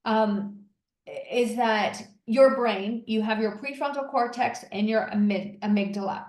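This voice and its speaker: A woman's voice: a little high, unhurried. Tired woman coaching in an echoey room. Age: middle-aged. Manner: animated, coaching, guides listener through exercise. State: tired from long day of talking. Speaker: podcast host and coach. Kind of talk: solo podcast teaching.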